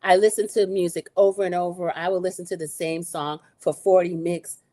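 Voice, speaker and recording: A woman's voice: on the low side, steady tone, a little fast, dark tone. A woman hosting a casual recap, retelling scenes with quoted dialogue and blunt opinions. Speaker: show recap host.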